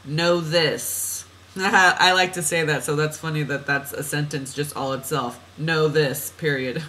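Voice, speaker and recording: A woman's voice: sits low, steady tone, a little slow, pushed and bright, a little hiss or hum, poor audio. A woman reading oracle cards for a client in a chatty, meandering way, laughing at herself and drifting off on tangents. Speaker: oracle card reader. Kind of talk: spiritual card reading monologue.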